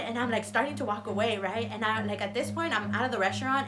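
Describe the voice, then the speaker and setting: A young woman in her twenties telling a story casually on her vlog, animated and profane, acting out what people said. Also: fairly high pitch, fast, few pauses, over music. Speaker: vlogger.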